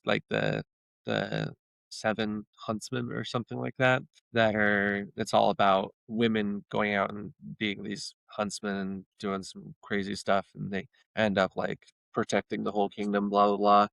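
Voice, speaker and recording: A man's voice: lowish voice, measured pace, creaky, fairly bright tone, no room sound. A man, a podcast guest, retelling stories in a rambling, casual way with many restarts. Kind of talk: casual storytelling chat.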